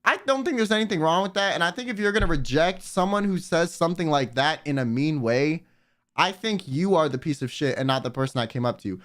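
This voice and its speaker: A man's voice: a little high, animated, brisk, a bit bright. A man streaming live, ranting bluntly and with plenty of profanity while he reads out viewer messages. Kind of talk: casual livestream rant.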